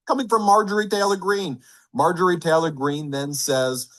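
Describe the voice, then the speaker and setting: A man's voice: a little high, moderate pace. A man giving a political commentary monologue, reading quotes aloud in an indignant rush.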